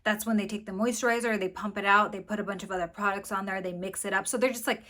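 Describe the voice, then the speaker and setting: A woman's voice: medium pitch, steady tone, quick pace, pushed and bright. A woman hosting a commentary video, talking casually and bluntly, exasperated, with some swearing.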